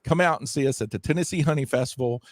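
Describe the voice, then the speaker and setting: A man's voice: mid-range voice, fast talker, no room sound. A man, a festival organizer chatting enthusiastically as a guest, repeating phrases as he promotes. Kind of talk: casual interview chat.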